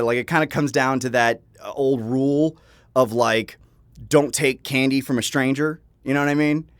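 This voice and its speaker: A man sits at his home computer, telling a personal story in a loose, rambling monologue. He chuckles often and swears freely, in a voice of middling pitch. The sound is dry and close, with no room echo. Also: fairly bright tone. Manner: rambling, chuckling, frank and profane. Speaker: vlogger.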